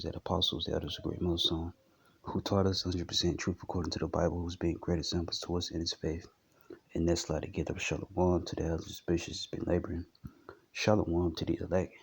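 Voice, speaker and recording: A man teaching religion and opening a video with formal greetings in a measured way. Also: low voice, creaky, breathy edge.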